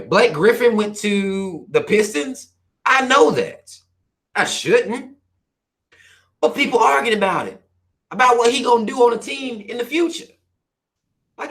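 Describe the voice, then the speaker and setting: Guy going off on a livestream, cussing and preaching, voice a bit high and bouncing all over. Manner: animated, profane, preachy, fires questions at listeners. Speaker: channel host reading viewer comments. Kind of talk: livestream rant.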